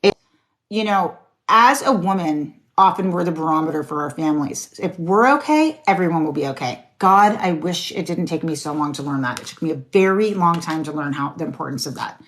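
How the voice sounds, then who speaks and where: A woman with a fairly low voice reads tarot cards live, calling out names and talking to her viewers in a relaxed way. She is encouraging and earnest, and she swears now and then. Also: a little fast. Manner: casual, encouraging, occasionally swears. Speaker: tarot reader. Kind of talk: live-stream card reading.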